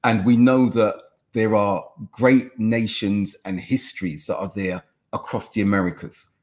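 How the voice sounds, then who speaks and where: Measured, lower-voiced man on a podcast. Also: steady tone. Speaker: podcast co-host. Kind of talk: reflective discussion. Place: podcast studio.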